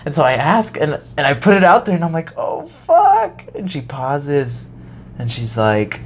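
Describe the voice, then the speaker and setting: A young man telling a high school story in casual chat, animated, swearing often and acting out his past self. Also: moderate pace, slight background noise.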